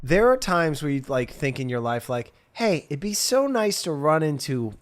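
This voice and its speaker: A man's voice: a little high, very animated, moderate pace, dry recording. A man co-hosting a podcast, riffing in a rambling, jokey casual chat. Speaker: podcast co-host.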